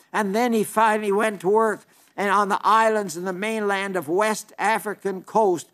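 High-voiced earnest older male preacher. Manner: earnest, emphatic preaching with slowed, stressed phrases. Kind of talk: sermon.

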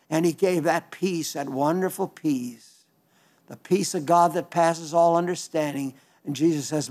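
A man's voice: on the high side, fairly even intonation, unhurried, darkish tone. An older man preaching a folksy, earnest sermon in a conversational way, rising to sudden emphasis at times. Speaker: radio preacher.

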